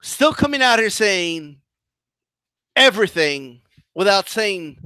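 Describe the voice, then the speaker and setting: Man streamer, lively and bright-toned, unhurried mocking rant, dry close sound. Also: high voice, smooth, no echo. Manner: animated, mocking, combative rant with restarts. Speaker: boxing commentary channel host. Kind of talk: live-stream commentary reading chat.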